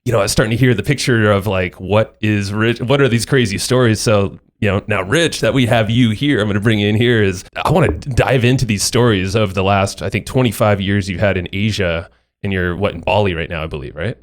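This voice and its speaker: This man hosts an interview podcast in a relaxed, chatty manner. His voice sits on the low side, and he laughs easily along with his guest. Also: brisk. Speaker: podcast host. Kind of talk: casual interview chat.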